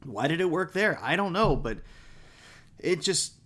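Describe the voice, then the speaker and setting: A man's voice: a little high, animated, a little slow, bright, forceful tone. A man co-hosting a podcast, giving rambling, emphatic opinions in casual chat. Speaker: podcast co-host.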